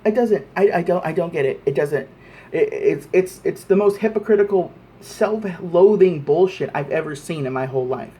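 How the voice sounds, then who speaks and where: A man's voice: a little high, normal speed, mellow. An American man angrily ranting to camera in a vlog, heated and profane, often stumbling over repeated words. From United States. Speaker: vlogger. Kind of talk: angry political rant.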